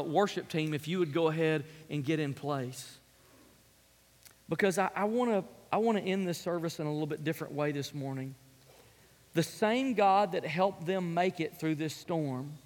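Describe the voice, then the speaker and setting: A man preaching a sermon as pastor, telling stories in an animated way that swings from loud to hushed. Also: on the high side, moderate pace. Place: church sanctuary. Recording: long reverb of a large hall.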